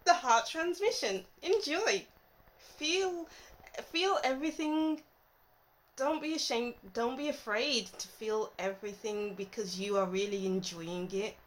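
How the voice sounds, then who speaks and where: A woman doing a casual tarot reading monologue, playful and giggly, with soft, reflective stretches. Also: mid-range voice, a little hiss or hum, rough recording. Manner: playful and giggly, breaks into song and laughter; soft, intuitive, reflective delivery. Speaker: tarot reader.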